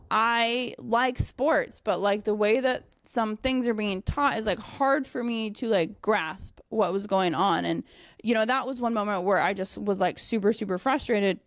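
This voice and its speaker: A young woman and dog trainer telling a casual story, animated, with many fillers and frequent swearing. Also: mid-range voice, no echo, clean studio sound. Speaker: dog trainer and company owner.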